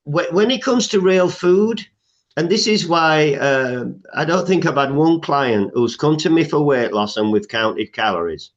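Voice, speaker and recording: A man's voice: on the high side, expressive, a little slow, lo-fi sound. A man speaking as a health coach guest in a podcast interview, emphatic, listing things off, with frequent "uh" fillers.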